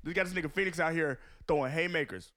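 A young man co-hosting a podcast in crude casual banter, loud and joking, often shouting and exclaiming. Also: on the high side, fast. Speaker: podcast co-host.

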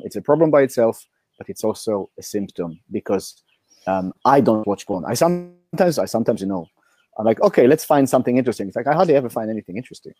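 A man with a hoarse voice speaking in a casual interview, hesitant, with many fillers and restarts. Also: on the low side, warm tone, no room sound.

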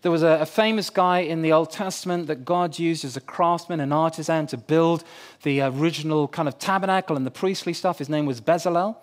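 A man's voice: on the high side, fairly even intonation, fairly quick. A man preaching a sermon in a conversational way, putting questions to his listeners. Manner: conversational, asks the crowd questions.

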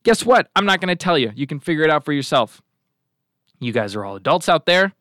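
Higher-voiced man in sarcastic talk show monologue. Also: big pitch swings, fairly quick, fairly bright tone, no echo, clean studio sound. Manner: rambling and sarcastic, with asides to the crew. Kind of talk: casual political commentary monologue.

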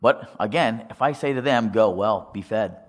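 Male speaker, very deep voice, testimony-style storytelling, reverberant hall. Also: moderate pace. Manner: storytelling, acts out quoted dialogue, asks audience questions. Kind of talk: testimony talk to a congregation.

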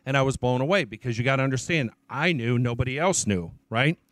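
A man's voice: mid-range voice, lively intonation, fairly quick, no room sound. A man, a church elder, preaching his testimony as an emphatic storyteller who repeats his key phrases.

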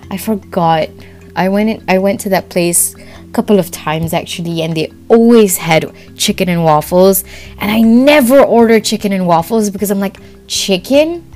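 A young woman with a Malaysian accent, hosting a podcast and telling a story in a giggly, excitable way, laughing often. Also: medium pitch. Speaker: podcast host. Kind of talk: casual storytelling monologue.

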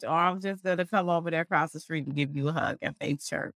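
A woman's voice: fairly low pitch, brisk, gravelly, hardly any pauses, fairly bright tone, dry recording, clean studio sound. A woman hosting a faith podcast, chatting casually with viewers in an affectionate, churchy way and laughing often. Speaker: podcast host. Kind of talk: casual livestream outro chat.

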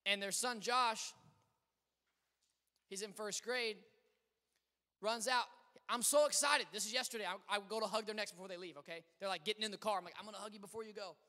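A man preaching a sermon as pastor, telling stories with animated swings between loud exclamations and quiet asides. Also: high-pitched, normal speed, long pauses. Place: church sanctuary. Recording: long hall reverb.

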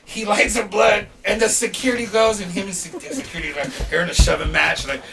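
Gravelly man telling a wild story. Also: sits high, fast, distant mic, music in the background. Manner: animated, swearing, acts out quotes loudly. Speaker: podcast guest. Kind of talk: casual storytelling.

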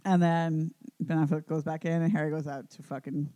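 A woman's voice: low voice, flat delivery, a little fast, dark tone, no echo. A woman in her thirties from Canada co-hosting a podcast, retelling a movie in casual chat with lots of swearing and acted-out quotes. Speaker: podcast co-host.

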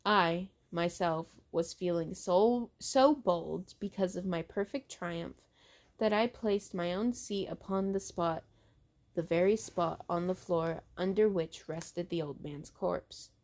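A woman hosting a show, reading a horror story aloud in a halting way, restarting on words. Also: lowish voice, a little mellow. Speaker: host reading books aloud.

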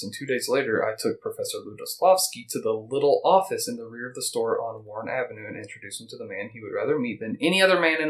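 A man's voice: medium pitch, rough recording. A man hosting a casual podcast, reading passages aloud and stopping to chat and joke. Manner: rambling, reads quotes and puts on quick voices for them. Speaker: podcast host.

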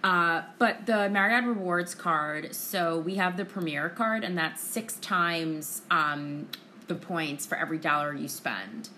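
Woman co-host for a travel chat show, candid and talkative, lowish but bright voice, faint noise behind. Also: a little slow. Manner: candid, self-deprecating and talkative. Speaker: podcast co-host. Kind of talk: casual travel podcast chat.

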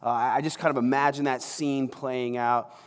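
Jokey pastor preaching in a reverberant hall. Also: male voice, medium pitch, little pitch movement, moderate pace, clear, resonant tone. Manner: jokey and conversational, acting out scenes. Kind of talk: sermon. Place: large church hall. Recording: long reverb of a large hall.

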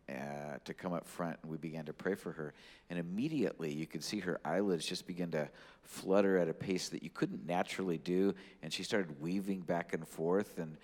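A man with a very deep voice tells a story in a measured way during a casual conversation. The recording has a long hall reverb.

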